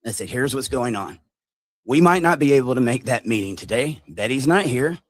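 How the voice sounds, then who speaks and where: A man telling a long story on a livestream, animated and mimicking the people in it. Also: mid-range voice, normal speed, no echo, clean studio sound. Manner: animated retelling, mimics others' voices.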